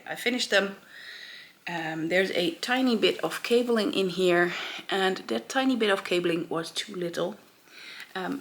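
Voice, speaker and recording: A woman's voice: fairly low pitch, a bit bright. A woman hosting her own knitting podcast in a casual show-and-tell chat, rambling along with many filler ums and self-corrections.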